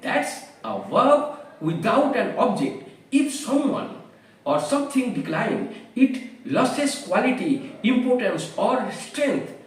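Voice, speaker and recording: A man giving a careful English vocabulary lesson, explaining each word slowly with examples. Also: very high-pitched, sing-song. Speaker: English teacher. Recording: very echoey room, voice far from the mic.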